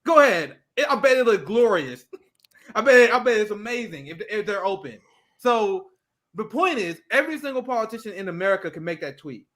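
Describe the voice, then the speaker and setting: High, bright-voiced ranting podcast host. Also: male voice, expressive, brisk. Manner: profane, ranting, mocking impressions. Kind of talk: casual chat.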